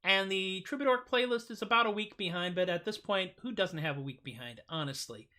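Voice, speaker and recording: A man's voice: sits high, animated, fairly quick, pushed and bright. A middle-aged man hosting a casual livestream, rambling and joking through his thanks and plugs with plenty of fillers. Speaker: livestream host.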